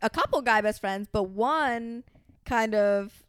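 A young woman talks casually on a podcast, full of "like" and quick restarts. Her voice sits a little high and sounds smooth and clear. It is recorded close and dry, with no room sound. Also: no echo. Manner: chatty, lots of "like" fillers. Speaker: podcast co-host. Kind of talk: casual chat.

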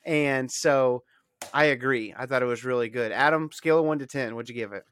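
A man hosting a casual podcast chat, rambling and animated with lots of fillers. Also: mid-range voice, fairly quick, clean tone. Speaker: podcast host.

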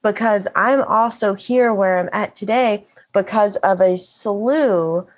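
A woman's voice: medium pitch, slow. Woman guest, earnest, reflective, speaks openly and at length. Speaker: podcast guest. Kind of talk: casual conversational interview.

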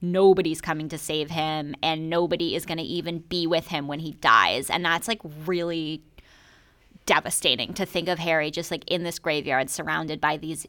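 Bright-voiced woman podcast co-host. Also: deep voice, normal speed, no echo. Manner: animated, swearing, lots of "like". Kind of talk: casual chat.

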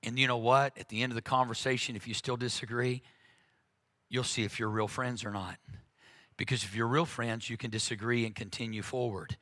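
A man's voice: medium pitch, fairly even intonation, fairly quick, pushed and bright. A man preaching a conversational sermon, talking earnestly and frankly, with frequent "uh"s and restarts.

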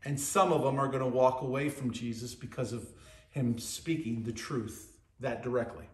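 A man preaching a sermon, teaching verse by verse with emphatic rises and low, quiet drops. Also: steady tone, moderate pace, roomy sound.

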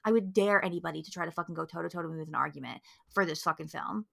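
Bright, fired-up young woman ranting. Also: lowish voice, racing, vocal fry. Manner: heated, profane ranting with quoted asides. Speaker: podcast co-host. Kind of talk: casual podcast chat.

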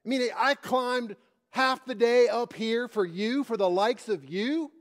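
A man's voice: sits high, brisk, close to an everyday voice. A man voicing a crusty old male caterpillar who complains constantly and talks rudely and tersely. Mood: annoyed.

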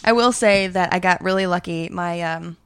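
A woman's voice: lowish voice, normal speed, smooth, dry recording, studio quality. A young adult woman hosting a podcast, chatting crudely and joking, often laughing. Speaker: podcast host. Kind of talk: casual chat.

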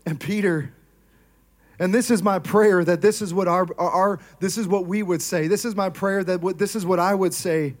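High-voiced man preaching a sermon. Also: normal speed. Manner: energetic, asks the crowd questions. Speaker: pastor.

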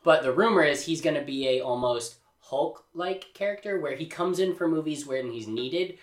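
A man's voice: a little high, normal speed, roomy sound. A man hosting a casual movie podcast, rambling and cutting himself off with asides that trail into mumbles. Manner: rambling, self-interrupting, swinging from animated to mumbled asides. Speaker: podcast host.

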